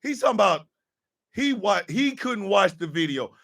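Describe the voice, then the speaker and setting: A man hosting a podcast, delivering a profane, exasperated comedic rant and often shouting. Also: sits high, sing-song, normal speed. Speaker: podcast host.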